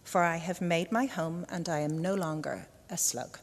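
A woman doing a soft, earnest young slug. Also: fairly low pitch, steady tone, normal speed. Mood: quiet. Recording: echoey hall reverb.

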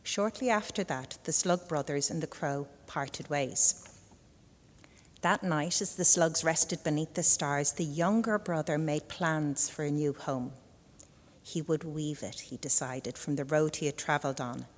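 Low-voiced woman reading a story. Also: measured pace. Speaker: reader at a church service. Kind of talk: reading a children's story aloud. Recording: echoey hall reverb.

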